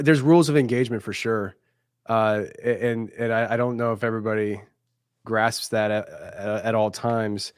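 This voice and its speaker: A man chatting casually on a podcast, halting and repeating words with small laughs. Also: on the low side, steady tone, smooth, no echo, studio quality. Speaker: podcast guest. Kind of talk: casual chat.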